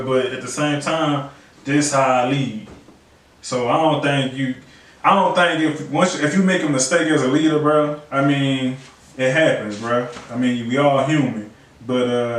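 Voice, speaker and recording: A man's voice: mid-range voice, fairly bright tone. Slangy man in an echoey room. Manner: loose, slangy, acts out players' lines in a raised voice. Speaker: podcast co-host. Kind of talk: casual sports chat. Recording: echoey room, mic at a distance.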